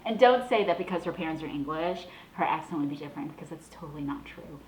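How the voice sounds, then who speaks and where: A woman's voice: sits low, fast, roomy sound, a little hiss or hum, poor audio. A young adult woman from the Boston area hosting her own show, talking in a chatty, gushing way. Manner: chatty, gushing, animated with laughs. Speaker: vlog host. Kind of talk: casual chat.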